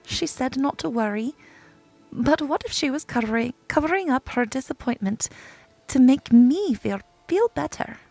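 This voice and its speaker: Woman reading a spirited young princess, earnest, fretful, gravelly slightly high voice, game dialogue. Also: animated, normal speed, a little mellow, dry recording, full character voice. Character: spirited young Scottish princess, proud and caring.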